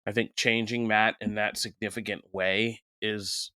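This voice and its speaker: A man with the hiccups, a guest critic talking casually on a podcast in an animated, wry way. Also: lowish voice, normal speed, clean tone, no echo, studio quality. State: has the hiccups.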